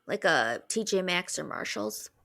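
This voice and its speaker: Woman podcast co-host, playful banter, very animated pitch, bright tone. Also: measured pace, vocal fry. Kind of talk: casual chat.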